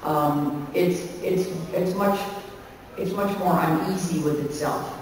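A woman's voice: lowish voice, takes it slowly, darkish tone. A woman in her sixties from Canada, talking candidly and chattily, with frequent laughter running through her answers. She is picked up from far across a big hall, so her voice sounds distant and swims in heavy reverb, with a faint hiss underneath. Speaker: convention panel guest, actress. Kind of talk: candid Q&A on a convention stage. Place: large convention hall stage.

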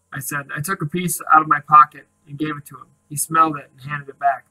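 Bright-voiced man reading a novel aloud. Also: fairly high pitch, level tone, fast, few pauses, poor audio. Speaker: reader.

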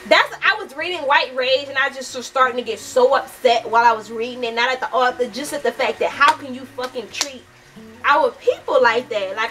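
A woman's voice: high voice, bright, forceful tone, recorded from a distance, rough recording. A young woman from the United States giving a heated, casual book review, swearing often and talking animatedly.

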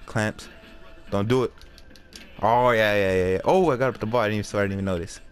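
A man giving casual, excitable commentary while playing a basketball video game, swearing and trash-talking. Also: lowish voice, fast, soft background music. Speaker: gameplay commentator.

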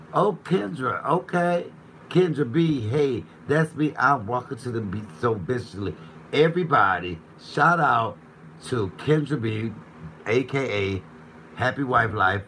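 A man's voice: on the low side, pushed and bright, a little hiss or hum, low-quality recording. A man hosting a live cooking stream from his kitchen, chatting playfully with viewers as he reads their comments and jokes around. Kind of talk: casual live-stream chat reading comments.

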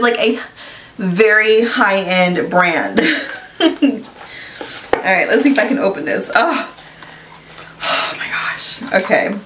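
A woman beauty vlogger chatting casually through an unboxing, gushing and excitable, with lots of "like" and "you guys". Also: medium pitch, far from the mic. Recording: echoey room, voice a bit off-mic.

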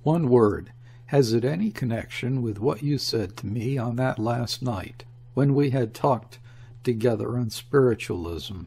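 A man's voice: mid-range voice, expressive, a little slow, creaky, mellow, husky, exaggerated voice. A man voicing a credulous, solemn ship's captain who speaks earnestly, in a storybook reading.

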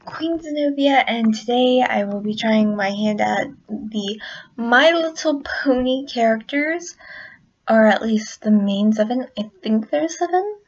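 Slow-talking woman vlogger, lo-fi. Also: fairly high pitch, expressive. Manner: self-deprecating, giggly asides. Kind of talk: casual vlog. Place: indoors at night, dim room. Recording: dull lo-fi recording.

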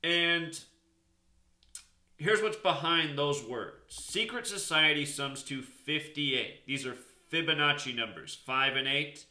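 A man's voice: on the high side, takes it slowly, sharp tone, echoey room. A man hosting his own channel, lecturing in an insistent, emphatic monologue. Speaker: channel host. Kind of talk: explanatory monologue.

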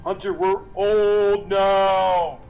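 A man's voice: high-pitched, flat delivery, very slow, a little mellow, faint music behind, poor audio. A young man streaming a game in casual chat, swearing a lot and rambling with repeated restarts. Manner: profane, rambling, repeats himself. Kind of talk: casual chat while gaming.

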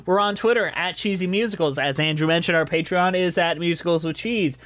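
Young male podcast co-host, high voice, dry close sound, playful banter. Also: fairly quick, a bit bright, no echo. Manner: laughing, playful, reads sponsor spots. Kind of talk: casual podcast chat.

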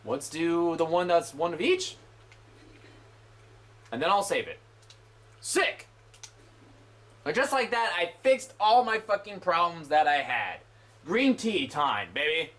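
Young male let's player, high and animated, quick to blow up with curses. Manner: profane, exasperated outbursts. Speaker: gamer. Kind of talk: let's play commentary.

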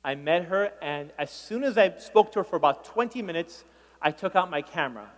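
A man's voice: on the high side, expressive, fairly quick. A man performing stand-up comedy before a conference audience, playful and teasing as he acts out the crowd's reactions. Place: large conference hall with a live audience. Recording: long reverb of a big hall.

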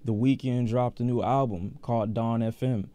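A man casually reviewing an album, talking in an excited and blunt way, swearing freely and repeating words as he thinks aloud. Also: medium pitch, normal speed. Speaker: music reviewer reacting to an album. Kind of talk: casual reaction commentary.

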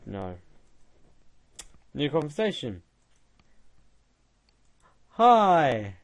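A man's voice: mid-range voice, lively intonation, very slow, long pauses. A young man giving casual gaming commentary, mocking and laughing at a chatbot. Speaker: gaming video creator.

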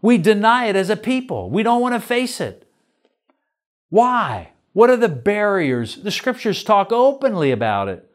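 A man's voice: high-pitched, sing-song, normal speed. An older man, a pastor, teaching a church lesson in an earnest way, asking many questions.

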